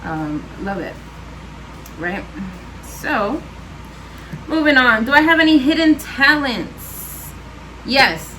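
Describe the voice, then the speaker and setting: A woman's voice: high voice, big pitch swings, slow, long pauses, sharp tone, slight background noise, poor audio. A woman chatting casually on her home vlog, answering questions with lots of fillers and laughs. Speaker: vlogger. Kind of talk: casual chat.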